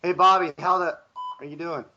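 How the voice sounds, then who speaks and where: A man's voice: a little high, steady tone, a little fast, pushed and bright, muffled recording. A young man hosting a casual podcast over an online call, who teases the others with crude banter. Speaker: podcast host and editor. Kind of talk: casual chat. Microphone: computer mic on an online call.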